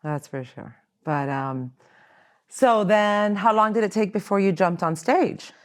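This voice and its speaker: A woman's voice: mid-range voice, measured pace. A woman hosting a casual comedy podcast chat, teasing and laughing often. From Colombia. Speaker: podcast host.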